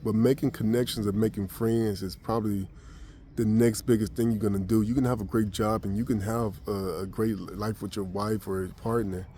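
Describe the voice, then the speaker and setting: A man's voice: fairly low pitch, fairly even intonation, normal speed, dark tone, slight background noise. An American man vlogging, telling a personal story casually with many restarts and fillers. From United States.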